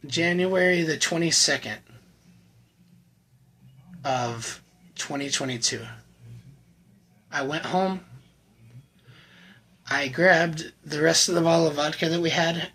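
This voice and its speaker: Earnest man with a husky voice. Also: on the high side, bright, forceful tone, poor audio. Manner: earnest, emotional, halting with repeated words. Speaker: channel host sharing his recovery testimony. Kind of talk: personal faith testimony to camera.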